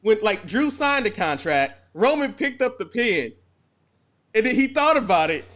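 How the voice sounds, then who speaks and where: A man's voice: high voice, normal speed. A man co-hosting a casual wrestling podcast, telling stories and acting out quotes with energy. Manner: animated storyteller, acts out quotes. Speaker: podcast co-host.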